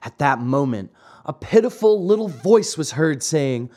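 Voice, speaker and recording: A man hosting and narrating an audiobook of a classic fairy tale, reading in an expressive way. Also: fairly high pitch, measured pace. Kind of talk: storybook narration.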